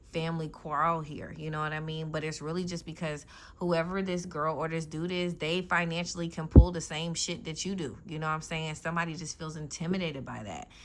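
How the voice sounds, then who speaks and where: A woman with a deep voice gives a casual tarot reading against a noisy background. She's blunt, slangy and profane, checking in with listeners often with "you know what I'm saying."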